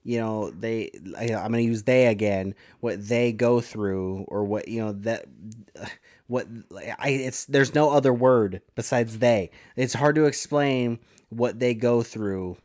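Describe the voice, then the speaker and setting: A man's voice: mid-range voice, unhurried, darkish tone, no room sound. Hesitant Midwestern man, dry close sound. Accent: Ohio Midwestern. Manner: hesitant, restarts often. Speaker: podcast co-host. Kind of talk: casual chat.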